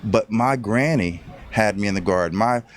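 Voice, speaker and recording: Folksy low-voiced man. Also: moderate pace. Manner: expansive, folksy, repeats phrases for emphasis. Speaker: host. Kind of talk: casual conversation.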